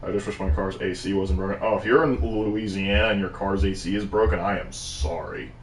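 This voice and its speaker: A man's voice: sits low, fairly even intonation, brisk, recorded from a distance. A man making dry, joking asides during a casual game stream. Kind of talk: casual gameplay chat. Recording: echoey, a bit off-mic, faint noise.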